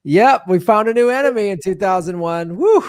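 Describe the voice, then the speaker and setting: A man co-hosting a casual chat, his voice a little high. He throws in sardonic, joking asides. The recording is dry and close. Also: brisk, smooth, no echo. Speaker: podcast co-host.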